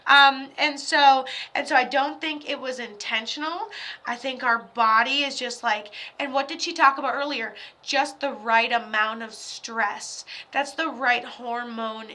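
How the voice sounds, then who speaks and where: A bright, forceful young woman talks her way through a live psychic reading. Her voice sits a little high, and she rambles loosely with fillers and offhand jokes. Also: fairly even intonation, measured pace. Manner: chatty, lots of fillers, loose and joking. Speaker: psychic medium.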